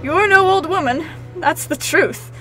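A lonely, tearful young woman in a storybook speaks in a hushed, wondering tone, read by a woman. The voice is soft and fairly high. Faint music plays behind. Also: measured pace, exaggerated voice, poor audio. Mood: amazed. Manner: hushed, amazed, sniffly.

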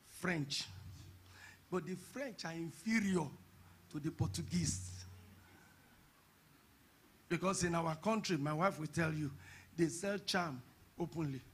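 A man pastor preaching a sermon at a church conference, telling stories and breaking into shouted emphasis. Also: high voice, husky. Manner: storytelling preacher who bursts into shouted emphasis.

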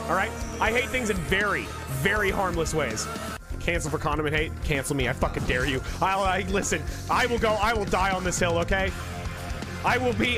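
A man streaming live, ranting with emphasis and mock outrage, swearing often. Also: high-pitched.

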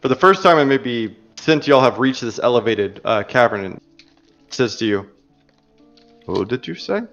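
A man narrating a tabletop role-playing game as game master, in a slow and measured way. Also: medium pitch, a bit bright, lo-fi sound, soft background music.

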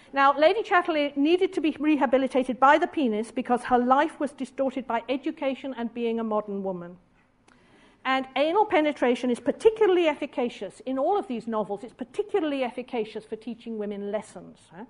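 Woman speaker, fairly high voice, deliberate public lecture delivery with dry asides. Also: lively intonation, darkish tone. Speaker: feminist speaker giving a lecture. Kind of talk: public lecture with read-out quotations.

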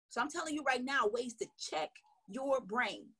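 A woman sales coach giving an energetic, emphatic motivational training talk. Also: sits high, moderate pace, breathy edge. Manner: energetic, emphatic, acts out little dialogues.

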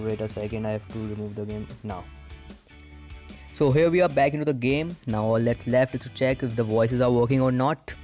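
A man narrates a step-by-step gaming tutorial as a voice-over. His voice sits at an ordinary middle pitch, and his delivery is plain and instructive, moving through one step after another. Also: a little mellow. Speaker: gaming channel host.

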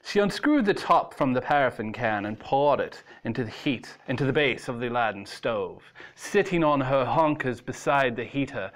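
A man reading a ghost story aloud in a slow, suspenseful way. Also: medium pitch.

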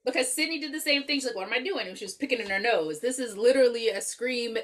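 High bright woman cohost, wry and jokey, swears, pitch all over the place. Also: lively intonation, quick pace. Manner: wry, joking asides, profane. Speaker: podcast co-host. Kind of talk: casual movie review chat.

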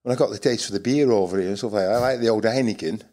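A man's voice: on the low side, very fast, warm tone. An older man from North West England, with a Northern accent tinged with Dutch, chatting as a guest in a casual interview, rambling with fillers and restarts. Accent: Northern English with some Dutch. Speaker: guest angler.

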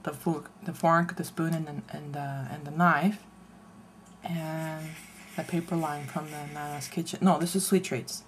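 A woman casually showing her handmade craft album, chatty and meandering, often pausing mid-sentence to search for words. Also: deep voice, steady tone, a little hiss or hum. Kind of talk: casual show-and-tell craft video.

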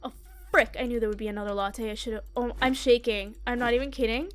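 A woman's voice: a little high, fairly even intonation, brisk. A young woman playing a horror game on her channel, talking to herself in a jittery, panicky way. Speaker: gaming YouTuber. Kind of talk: horror game let's play commentary.

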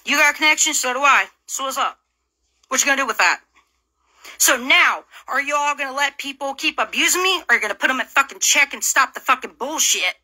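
A woman's voice: sits high, fast, few pauses, sharp tone. A woman from Illinois delivering an angry, profane, confrontational rant straight to her audience, full of taunting rhetorical questions. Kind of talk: angry direct-to-camera rant.

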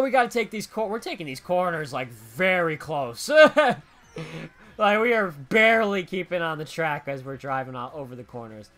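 A young male streamer gives running commentary over a racing game. His voice is bright and forward, and it swings from low muttering to loud, swearing outbursts. Faint game music plays behind him. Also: big pitch swings, normal speed. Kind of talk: live gameplay commentary.

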